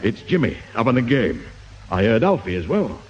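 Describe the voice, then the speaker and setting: A man's voice: medium pitch, very animated, normal speed, darkish tone, slight background noise, natural voice. An actor playing a good-humoured man who hesitates and stumbles through his words in a 1960s radio comedy. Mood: amused. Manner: hesitant, full of ums, amused. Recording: dull old radio recording.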